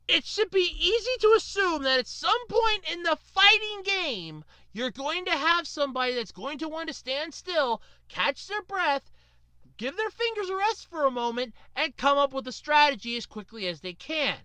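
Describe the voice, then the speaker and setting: Animated woman podcaster, lively pitch. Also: dry recording. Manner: animated, rambling, lots of fillers. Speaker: podcast host. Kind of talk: casual storytelling monologue.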